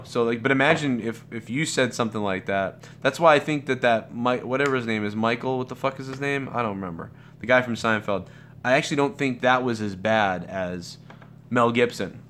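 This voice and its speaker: A man's voice: medium pitch, fairly bright tone, a little hiss or hum. A man hosting a live Q&A stream, talking casually in a rambling, profane way with many restarts and fillers. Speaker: livestream host.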